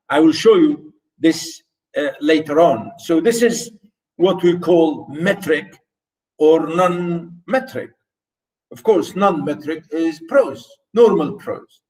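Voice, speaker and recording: A male lecturer whose first language is Arabic, teaching a university class slowly and repetitively, speaking straight to his students. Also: a little high, lively intonation, a little mellow, far from the mic, rough recording. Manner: slow, repetitive, addresses students directly.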